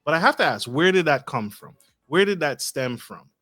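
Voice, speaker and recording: A man's voice: a little high, big pitch swings, moderate pace, a bit bright, no echo, clean studio sound, faint music behind. Man hosting, asking probing questions. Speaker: podcast host. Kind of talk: interview questions.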